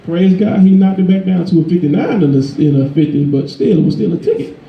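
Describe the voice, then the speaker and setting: A man preaching a sermon in a conversational, emphatic way, his voice climbing higher when he drives a point home. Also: quick pace, creaky, reverberant, muffled recording. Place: church.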